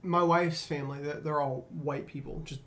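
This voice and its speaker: A man's voice: on the high side, steady tone, moderate pace, fairly bright tone. A man hosting a casual discussion, reflective and storytelling, with frequent fillers. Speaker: podcast host.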